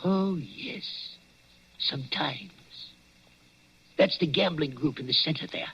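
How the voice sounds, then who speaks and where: An actor playing a nervous old male wax museum watchman, telling tales in a halting, hesitant way, in 1940s radio acting on a dull old broadcast. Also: a little high, fairly bright tone, a little hiss or hum. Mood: uneasy. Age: older.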